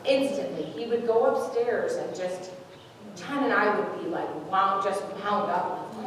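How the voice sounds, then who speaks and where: A woman's voice: mid-range voice, moderate pace, crowd noise. A mother talking openly about her son in a church service, emotional and talkative. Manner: warm, emotional, talkative storytelling. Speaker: mother of the speaker. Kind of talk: casual testimony in a church service. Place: large church sanctuary. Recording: echoey hall, distant mic, noise.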